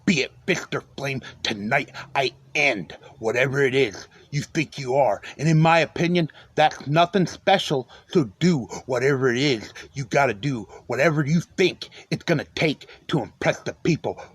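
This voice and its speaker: Husky defiant wrestler. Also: male voice, mid-range voice, expressive, normal speed, hardly any pauses, fairly bright tone, no echo. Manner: defiant, threatening. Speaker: wrestler cutting a promo. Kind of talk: wrestling promo.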